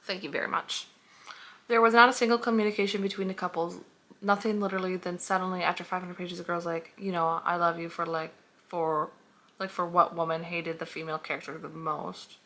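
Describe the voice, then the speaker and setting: A woman's voice: fairly low pitch, level tone, brisk, fairly bright tone. A young woman reviewing books in a casual vlog, heated and sarcastic, swearing freely as she reacts. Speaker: book reviewer.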